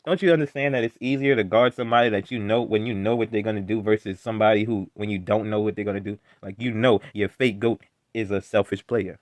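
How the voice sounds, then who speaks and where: A man's voice: lowish voice, steady tone, fast, dry recording. A man hosting a reaction video, heckling and ranting in a casual, exasperated way.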